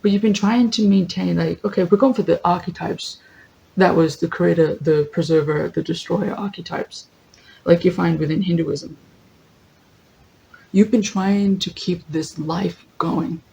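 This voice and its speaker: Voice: medium pitch, fairly even intonation, unhurried, gravelly, a little mellow, poor audio. A tarot reader giving a casual general reading, thinking aloud, correcting themselves, laughing easily and reading lists from a guidebook. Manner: chatty, thinks aloud, often corrects itself.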